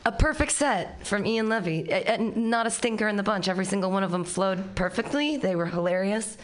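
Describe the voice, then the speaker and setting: A woman's voice: medium pitch, fairly quick. A woman hosting a comedy open mic, loose and enthusiastic, swearing casually as she praises sets and brings on acts. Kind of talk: emceeing a comedy night.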